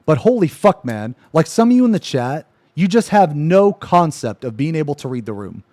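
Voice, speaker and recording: A man's voice: fairly high pitch, very animated, normal speed, mellow, no room sound, studio quality. A man streaming live who rants at his chat, swearing constantly, frustrated and annoyed, repeating "man" at the ends of lines. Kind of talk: angry rant to live chat.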